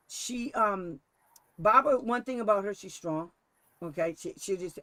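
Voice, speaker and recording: High-voiced and measured in pace, this male host is recorded with no echo. He's a special education advocate and lively storyteller, laughing frequently and voicing the quoted lines himself in a casual talk.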